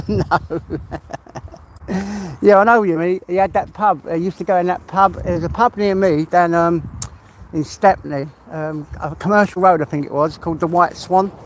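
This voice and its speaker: A man's voice: sits high, moderate pace, a little hiss or hum. A man chatting casually on a live stream while out walking, swearing freely and laughing often. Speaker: livestream host. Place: outdoors on a walk.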